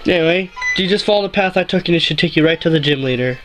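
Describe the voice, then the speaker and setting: A man's voice: fairly high pitch, fast talker, few pauses, a bit bright, faint music behind, rough recording. Rambling, jokey male gameplay host. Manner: rambling, jokey, often corrects himself. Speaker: let's play host. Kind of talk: casual gameplay commentary.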